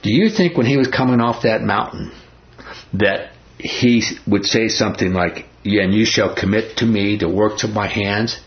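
A man's voice: on the low side, normal speed, lo-fi sound. A man teaching a Bible study in a folksy, emphatic way, often asking the group questions.

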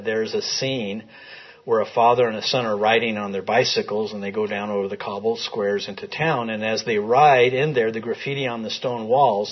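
A man's voice: lowish voice, breathy edge, dull audio. A man teaching a Bible class in a classroom, talking conversationally and putting questions to the group. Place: classroom with a screen.

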